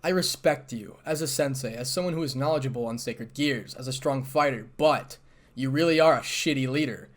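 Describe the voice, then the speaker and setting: A man's voice: medium pitch, brisk, close to an everyday voice. A man voicing a resentful, cold-hearted young man who speaks bluntly and sarcastically in a fan story reading. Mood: bitter blunt.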